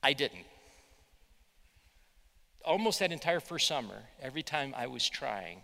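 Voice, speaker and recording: A man, a pastor, preaching a sermon with animated storytelling. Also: mid-range voice, measured pace, gravelly, in a large hall. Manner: animated storytelling, voicing quotes loudly.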